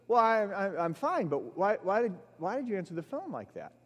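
A preacher doing a rattled young man who stumbles over his words, pitched up high and bouncing in a long, echoing hall. The voice sounds caught off guard, with the words tumbling out in repeated starts. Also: very animated, a little fast. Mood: flustered. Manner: stammering, confused. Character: flustered stammering young man, a college friend. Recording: long echoey hall reverb.

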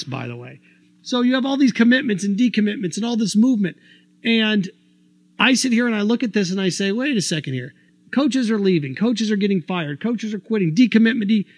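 A sports talk show host with a high voice delivers an opinionated, animated monologue packed with rhetorical questions. He's argumentative, and the lo-fi recording has no room sound.

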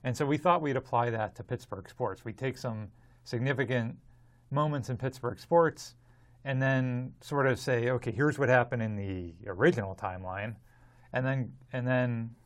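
A man co-hosts a casual podcast and sets up the episode. He speaks in a mid-pitched voice, stumbling and restarting words as he explains. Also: normal speed. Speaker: podcast co-host.

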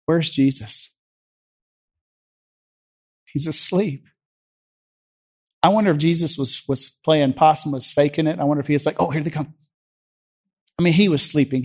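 A man's voice: on the high side, a little mellow. A man preaching a sermon as vivid storytelling, acting out the scripture scenes as he tells them.

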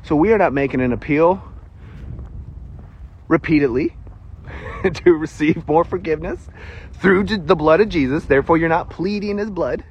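Southern US male preacher, casual sermon delivery, self-deprecating and quick to laugh, higher-pitched voice with a husky texture.

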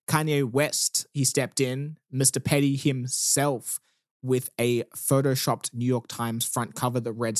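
A man's voice: medium pitch, dry recording, studio quality. A man hosting a podcast, casually and easily walking through the week's news. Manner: easygoing, walks through news stories. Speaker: podcast host.

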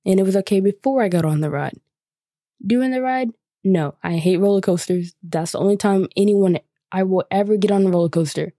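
A woman's voice: mid-range voice, fairly quick, mellow, dry recording, studio quality. Chatty young woman telling stories. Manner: chatty, lots of 'like' fillers. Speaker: podcast host. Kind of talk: casual storytelling.

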